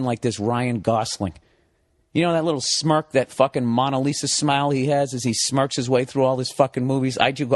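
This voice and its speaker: A man, a comedian guest in a podcast studio, telling a profane comic story into a studio mic, dropping to low mutters and then climbing into high, excited rants.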